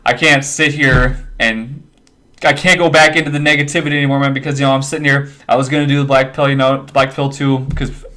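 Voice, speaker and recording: A man's voice: medium pitch, fairly bright tone. A man talking into his webcam in a rambling, profane monologue, giving himself and his viewers an emphatic pep talk and repeating himself often. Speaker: webcam video maker.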